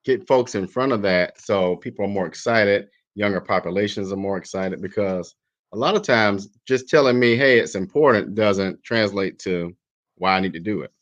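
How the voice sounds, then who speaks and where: A man as a talk show guest, speaking in a measured, hesitant way with many pauses. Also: fairly low pitch. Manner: measured, hesitant, lots of ums. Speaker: guest commentator. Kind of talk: casual talk show discussion. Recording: dull lo-fi line.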